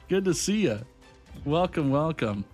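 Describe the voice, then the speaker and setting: A young man casually chatting with his live-stream viewers while playing, upbeat and chatty, laughing often and greeting people by name. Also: a little high. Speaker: streamer host. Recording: game music behind voice.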